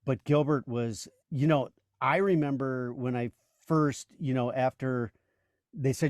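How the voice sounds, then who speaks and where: A man's voice: mid-range voice, moderate pace, a little mellow, dry recording, studio quality. A man in his sixties, a voice actor and comedian, telling stories as a guest in a casual interview, rambling with many "you know"s and restarts.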